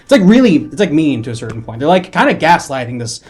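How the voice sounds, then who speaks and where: A man's voice: on the high side, very animated, fast talker, a little mellow. A man playing an upset male office worker in therapy in an improvised comedy sketch, rambling and grumbling with lots of fillers. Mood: aggrieved.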